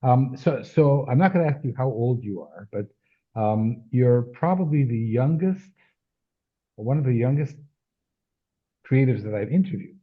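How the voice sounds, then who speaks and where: Man, host, husky and halting; phone-quality audio. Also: mid-range voice, animated. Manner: halting, restarts and repeats words. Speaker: interviewer host. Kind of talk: casual interview conversation.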